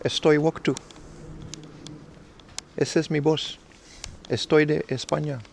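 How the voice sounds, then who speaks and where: A man's voice: fairly high pitch, fairly even intonation, unhurried, creaky, slight background noise. A man putting on an exaggerated mock Spanish accent, playing a puzzled Spaniard fussing over dollars he cannot spend. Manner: teasing, playful impression of a viewer.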